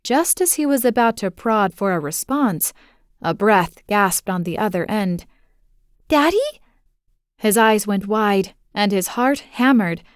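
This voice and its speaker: A woman narrating a romantic suspense audiobook in a measured, steady storytelling manner on a close studio mic. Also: mid-range voice, clear, resonant tone, no echo.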